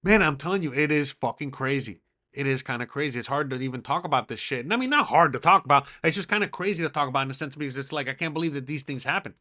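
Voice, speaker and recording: A man's voice: fairly high pitch, expressive, fast, bright, forceful tone. A man hosting his own show, talking in a casual, rambling monologue full of swearing and fillers. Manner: profane, rambling, with frequent fillers. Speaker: podcast host.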